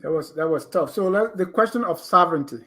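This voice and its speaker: Higher-voiced man asking measured questions. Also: sharp tone. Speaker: host. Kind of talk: talk show interview.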